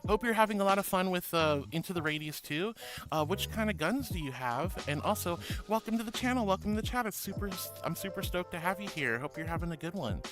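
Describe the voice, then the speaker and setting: A woman's voice: lowish voice, lively intonation, fast, music in the background. A woman streamer chatting with her viewers, bubbly and gushing, calling them honey and sweetie. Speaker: VTuber streamer. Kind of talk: casual chat with viewers.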